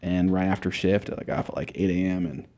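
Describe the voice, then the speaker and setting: Speaking fast with little pitch movement, the Montana guest has a low, darkish voice. He's still a young man recounting his story in a relaxed interview, peppering it with swear words and fillers.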